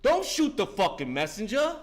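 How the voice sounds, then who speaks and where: Fervent high-voiced man in his fifties. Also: wildly swooping pitch, normal speed. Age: 50s. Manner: fervent, profane, street-talking, repeats "listen". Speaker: recovery meeting speaker. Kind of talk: impassioned recovery share.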